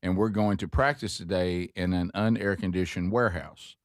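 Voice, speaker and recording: A low-voiced man rambles through studio banter as the host, joking and restarting his sentences. The sound is dry and close, with no room around it. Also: fairly even intonation, moderate pace, no room sound. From Alabama.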